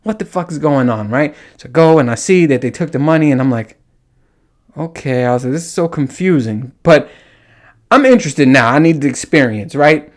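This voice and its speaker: A man's voice: on the high side, normal speed. A man hosting a podcast, telling a story in a casual monologue, swearing often and acting out his own reactions. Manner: animated, profane, acts out his own reactions. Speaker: podcast host.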